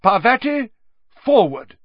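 A man's voice: on the high side, big pitch swings, normal speed, no echo, lo-fi sound, pitched above the performer's own voice. A man voicing a cheerful male teacher who calls out his students with eager commands. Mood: excited.

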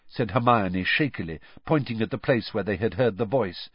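A man narrating an audiobook with a dramatic, expressive reading, on a slightly dull, dry recording. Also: fairly low pitch, normal speed, hardly any pauses, breathy edge, no echo.

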